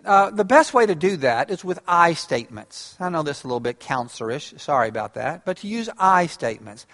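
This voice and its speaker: A man giving a lively, conversational talk to a large audience, often restarting his phrases. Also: a little high, a little fast, hardly any pauses. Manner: animated, conversational, frequent restarts. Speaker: speaker on relationships. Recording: long hall reverb.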